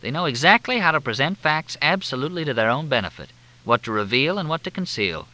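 A middle-aged police captain who dodges every question with calm ease, voiced by a man reading a novel. The delivery is crisp and forceful, with a lively lift. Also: fairly high pitch, fast talker, voice pushed up. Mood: evasive. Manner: evasive, calm.

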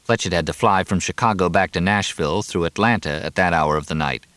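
A man reading a novel aloud in an even, measured narration. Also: low-pitched, dry recording. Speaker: audiobook narrator. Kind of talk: scripted narration.

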